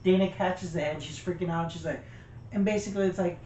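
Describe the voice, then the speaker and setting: A man's voice: sits high, fairly even intonation, darkish tone. Male co-host, blunt casual recap, lo-fi dull sound, faint background hiss. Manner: halting, searching for names, blunt swearing. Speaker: podcast co-host. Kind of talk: casual movie review chat. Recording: echoey lo-fi room with faint noise.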